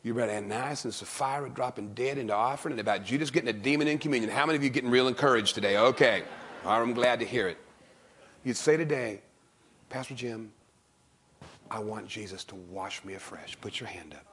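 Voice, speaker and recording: A man preaching a sermon as pastor in a church, in an emphatic, animated way. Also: mid-range voice, fast talker, slight background noise. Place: church stage.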